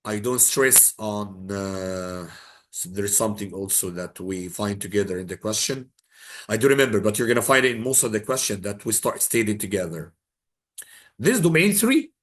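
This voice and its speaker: A man's voice: lowish voice, normal speed, a bit bright. A man teaching an exam prep lesson in English, dropping Arabic phrases in and repeating his key points for emphasis.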